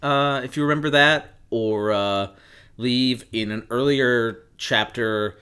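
A man's voice: mid-range voice, slow pace, bright, forceful tone, clear, resonant tone. A man co-hosting a podcast, chatting casually, rambling and swearing enthusiastically. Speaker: podcast co-host. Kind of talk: casual chat.

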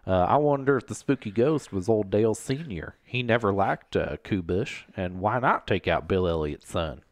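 A man's voice: lowish voice, animated, moderate pace, dry recording. A man doing a jokey impression of a middle-aged male racing commentator, rambling through a race recap.

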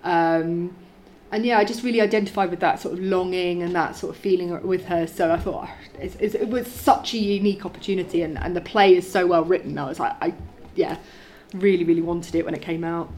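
Lady actor chatting about her role, kinda low voice, lots of restarts, faint hiss. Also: a little fast, darkish tone. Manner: enthusiastic, many restarts. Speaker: lead actor. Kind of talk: casual interview.

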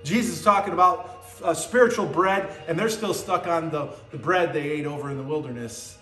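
A man preaching a sermon, teaching verse by verse with emphatic rises and low, quiet drops. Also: brisk, echoey room, soft background music.

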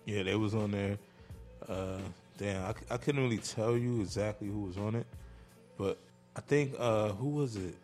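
A man's voice: lowish voice, normal speed, darkish tone, soft background music. A man on a radio show talking casually as the guest, laid-back and slangy, rambling a little. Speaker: guest producer. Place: radio studio.

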